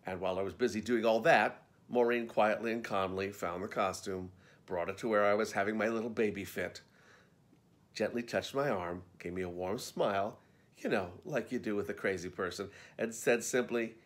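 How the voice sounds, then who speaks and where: A man reading his own backstage memoir aloud as an audiobook, telling it in a wry, conversational way. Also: on the low side.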